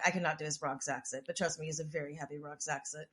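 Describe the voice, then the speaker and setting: Deep-voiced and a bit bright, she talks quickly with fairly even intonation. She co-hosts a podcast and tells a rambling, swear-heavy story in casual chat, constantly restarting and dropping "like."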